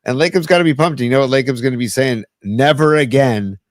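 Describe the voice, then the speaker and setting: A man co-hosting a podcast, relaxed and casual, reading out a list of birthdays. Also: mid-range voice, racing, no room sound. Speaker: podcast co-host. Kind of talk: casual sports and pop culture chat.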